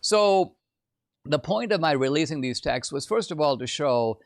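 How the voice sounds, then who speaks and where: Man, lecturing monologue, slightly high, dry. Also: lively intonation, moderate pace, gravelly, no echo. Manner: lecturing, with frequent "uh" fillers. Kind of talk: podcast monologue.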